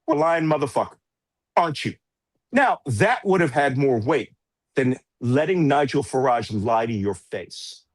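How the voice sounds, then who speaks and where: A man's voice: medium pitch, dry recording. A man speaking as a political commentator guest in an interview, blunt and sarcastic, with mocking asides. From United States. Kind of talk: heated political interview talk.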